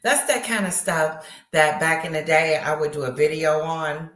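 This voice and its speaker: A woman's voice: low voice, fairly even intonation, moderate pace, fairly bright tone, echoey room. A woman hosting a casual late-night live chat from her bedroom, gossipy and exclaiming with frequent laughter. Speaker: livestream host. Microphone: device screen close up.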